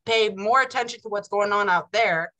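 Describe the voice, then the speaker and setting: Bright-voiced woman in animated spiritual chat. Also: mid-range voice, moderate pace, rough recording. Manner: animated, acts out quotes of family. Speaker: guest.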